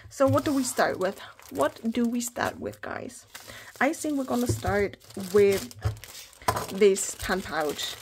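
A woman chatting through an unboxing of planner stationery, gushing with excitement and often dropping to a whisper. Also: fairly high pitch, takes it slowly, a little hiss or hum. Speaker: planner vlogger. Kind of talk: casual haul unboxing.

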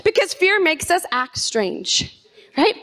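High-voiced woman preaching. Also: slow pace. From Canada. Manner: energetic, calls on the congregation to repeat phrases. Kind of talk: sermon. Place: church sanctuary.

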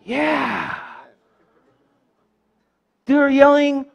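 In church, a male preacher with a strikingly high voice delivers a sermon, leading the congregation in call-and-response. He is expressive and unhurried, tossing playful jokes between points, and the sound is lo-fi.

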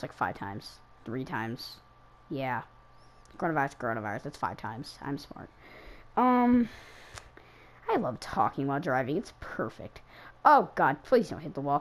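A woman's voice: extremely low pitch, sing-song, normal speed. Chatty woman narrating her race game. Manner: chatty, self-mocking, exclaiming at crashes. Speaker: gaming YouTuber racing in an online league. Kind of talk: casual live commentary while playing a racing game.

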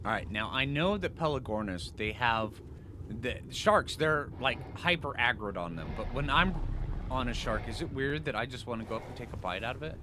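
A man giving casual commentary over his own gameplay, excitable and joking at himself, chatting to the creatures he meets. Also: mid-range voice, normal speed, background noise. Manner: excitable, talks to the creatures, self-mocking asides. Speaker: gaming video host.

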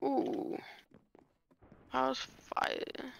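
A young woman chatting with a teammate during a video game, excitable and self-mocking. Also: high-pitched, drawn-out words, creaky, dull audio. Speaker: gaming teammate. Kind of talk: casual gaming chat.

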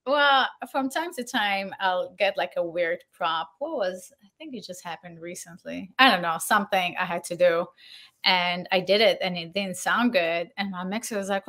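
A woman who works as a Foley artist, guesting on a podcast and telling a story in a lively, laughing way, acting out the voices of the people she quotes. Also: medium pitch, a little slow. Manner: animated, acts out quoted dialogue, laughs often. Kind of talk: casual storytelling.

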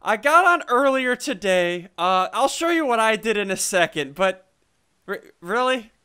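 High-voiced young man, stammering and joking. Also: sing-song, a little slow, sharp tone, clear, resonant tone. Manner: stammering, joking, laughs often. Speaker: host. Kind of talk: casual gaming commentary.

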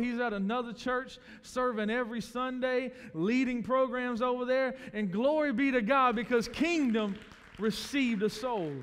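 High-voiced pastor in a hall. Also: male voice, clear, resonant tone. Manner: storytelling, conversational, quotes others in acted voices. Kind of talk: sermon. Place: church sanctuary. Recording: church hall with long reverb.

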